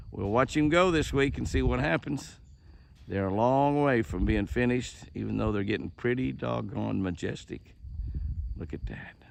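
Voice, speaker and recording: Folksy older man, gravelly. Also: mid-range voice, slight background noise. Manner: folksy and chuckling, exclaims often. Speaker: ranch owner filming his deer. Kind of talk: casual outdoor narration to camera. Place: outdoors at a ranch house yard.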